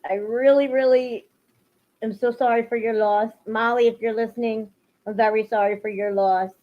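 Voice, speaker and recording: A woman's voice: a little high, steady tone, moderate pace. Emotional woman streaming live. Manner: emotional, swings into angry ranting. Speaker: livestream host. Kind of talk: casual livestream chat to viewers. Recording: lo-fi livestream audio.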